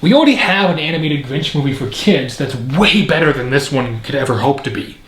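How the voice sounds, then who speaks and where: A man's voice: mid-range voice, animated, brisk, fairly bright tone. A man reviewing a film in casual commentary, rambling and opinionated with frequent fillers. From Canada. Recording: echoey room.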